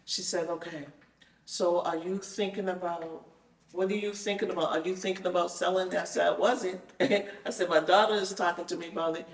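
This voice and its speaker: A woman tells her story in a loose, lively way and acts out each exchange she remembers. Her voice sits a bit back from the mic, and the room around her rings with echo. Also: fairly low pitch, normal speed. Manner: animated, acts out the conversations she retells. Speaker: guest telling her experience. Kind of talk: casual storytelling. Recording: roomy sound, mic at a distance.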